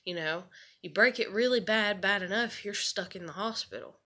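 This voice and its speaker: A woman's voice: mid-range voice, moderate pace, sharp tone. A woman telling a personal story in a casual, rambling, candid way, swearing and filling with "you know" and "like".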